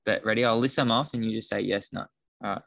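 Gravelly low man. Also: steady tone, quick pace, a bit bright, no room sound. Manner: playful quiz-master, teasing. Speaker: podcast co-host. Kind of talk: casual chat.

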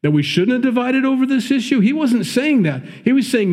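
A man's voice: very high-pitched, expressive, a little fast, darkish tone. A man with a Midwestern accent preaching a sermon, reading scripture and breaking off into conversational, emphatic commentary. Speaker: pastor.

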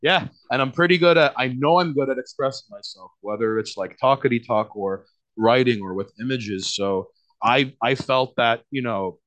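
A man's voice: mid-range voice, moderate pace, fairly bright tone. A man with a New York accent, a guest on a podcast, talking casually in a rambling way. He leans on fillers, restarts and lots of swearing.

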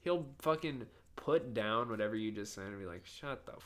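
A man's voice: lowish voice, lively intonation, normal speed. A young man co-hosting a casual podcast chat, telling rambling, profane stories and laughing often. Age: young adult. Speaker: podcast co-host.

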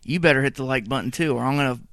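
A man co-hosting a talk podcast who laughs often and chimes in with quick quips. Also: medium pitch, a bit bright, no echo, clean studio sound. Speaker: podcast co-host. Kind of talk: casual chat.

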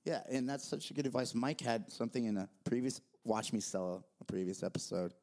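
A man, a worship leader and youth director co-hosting a church podcast, telling stories in an animated, self-mocking way. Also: mid-range voice, a little fast. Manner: animated storyteller, jokey, laughs at himself. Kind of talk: casual church podcast chat.

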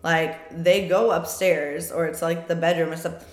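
A woman co-hosting a casual podcast chat, chatty and quick with laughing asides. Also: on the low side, fairly even intonation, roomy sound. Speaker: podcast co-host.

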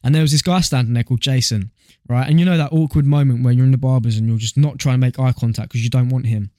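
A young man co-hosting a podcast, telling animated stories and swearing freely in casual chat. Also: medium pitch, fast, no room sound, clean studio sound. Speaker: podcast co-host.

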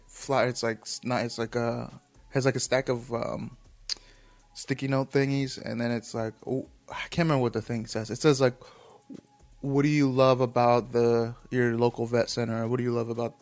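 Man, mid-pitched, loose and profane; rambles, restarts lines, chuckles as he tells it. Casual monologue.

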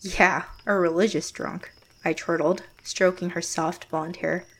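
An actress playing a closed-off, reserved young woman, narrating her story in first person in a quiet, measured way. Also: lowish voice, fairly even intonation, a little hiss or hum. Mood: guarded. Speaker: narrator and lead character.

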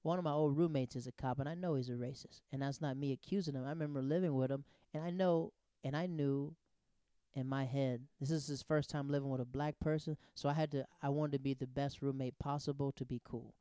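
A man in his thirties telling personal stories in a casual, animated, digressive way, often restarting his sentences. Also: mid-range voice, a little fast, clean tone, dry recording, clean studio sound. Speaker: storyteller. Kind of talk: casual anecdotal storytelling.

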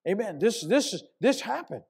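An older man preaching with a voice pitched a little above the usual for men. He tells his story in a loose, conversational way, then suddenly climbs into loud, emphatic shouts. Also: moderate pace, gravelly, husky. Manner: animated storyteller, bursts into loud shouts when quoting himself. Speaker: pastor. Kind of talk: sermon storytelling.

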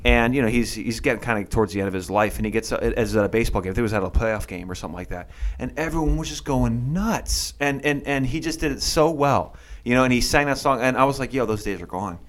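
A man hosting a podcast, chatting casually and telling stories in an animated, opinionated way. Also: medium pitch, fast, hardly any pauses. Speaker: podcast host. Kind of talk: casual chat.

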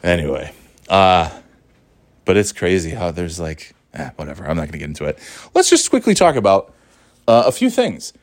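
A man's voice: sits low, sing-song, normal speed, no echo. A middle-aged man talking in a casual, rambling monologue, profane and sardonic, often restarting his sentences.

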